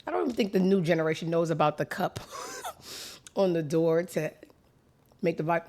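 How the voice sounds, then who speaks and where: A woman hosting her own show in a crude, sassy comedic monologue that swings from low mutters to loud outbursts. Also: normal speed. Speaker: show host.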